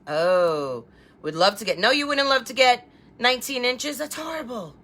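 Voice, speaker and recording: A woman's voice: fairly high pitch, lively intonation, normal speed, bright, forceful tone. A woman hosting a live crafting stream from home, chatting and greeting viewers by name as she works. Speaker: craft livestream host.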